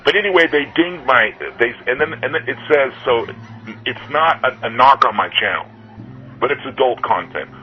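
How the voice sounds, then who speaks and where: A man's voice: medium pitch, moderate pace, lo-fi sound, soft background music. A man hosting his own show, ranting angrily and profanely in a rambling monologue. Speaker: podcast host.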